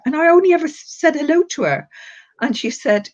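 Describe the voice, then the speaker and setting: A woman's voice: sits high, expressive, fairly quick, darkish tone. An older woman working as a psychic medium on a live stream, talking with affection and calling people darling and sweetheart. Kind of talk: live-stream reading and chat. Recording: dull lo-fi live stream audio.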